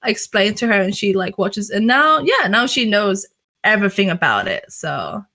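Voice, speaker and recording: A woman's voice: mid-range voice, very animated, moderate pace, bright, forceful tone. A young woman chatting casually in an interview, talking freely with lots of fillers and some swearing. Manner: chatty, filler-heavy and profane. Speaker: streamer being interviewed.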